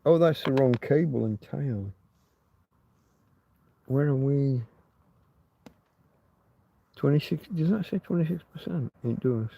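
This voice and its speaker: Male streamer, gravelly, rambling casual chat, dry and slightly lo-fi phone sound. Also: mid-range voice, a little slow, pauses often. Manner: rambling, chatty, talks to his dog in a soft doting voice. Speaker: livestream host. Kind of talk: casual late-night livestream chat. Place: indoors at night, in bed with his dog. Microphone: phone camera held close.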